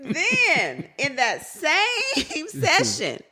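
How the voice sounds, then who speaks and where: A woman therapist co-hosting a casual talk show, telling stories with lively acted-out quotes. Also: extremely slow. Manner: animated storyteller, acts out quotes with big pitch jumps. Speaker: therapist and co-host. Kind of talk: casual storytelling chat.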